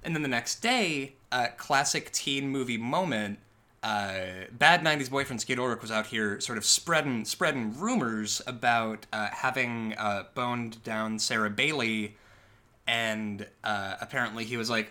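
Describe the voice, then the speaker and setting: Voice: mid-range voice, measured pace, sharp tone. A podcast co-host recapping a movie in casual, wry chat, full of asides and fillers.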